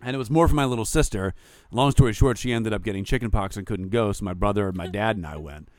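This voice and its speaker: A man, chatting as a podcast co-host, telling animated stories, swearing freely and acting out what people said. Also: lowish voice, fast talker, dry recording, clean studio sound. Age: 40s. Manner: animated storyteller, swears freely, acts out quotes. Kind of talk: casual chat.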